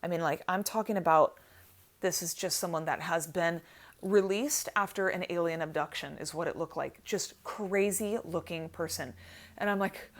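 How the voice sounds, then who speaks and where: A woman from the United States in her thirties tells a story to her vlog audience. She is chatty and animated and leans on "like" as a filler. Her voice drops low and quiet in one stretch and turns loud and excited in the next. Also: moderate pace. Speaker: vlogger, channel host.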